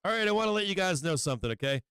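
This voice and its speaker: A man hosting a live stock market stream from his home office, swearing constantly and talking in an agitated, rapid-fire way. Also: sits high, animated, creaky, sharp tone, clear, resonant tone, no room sound. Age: adult with children. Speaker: stock market livestream host. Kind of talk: live market commentary to viewers.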